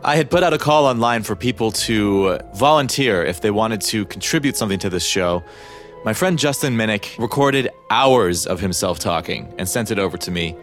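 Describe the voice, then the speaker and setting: A male podcast host with a fairly low voice gives a plain, even introduction. Faint music plays behind him.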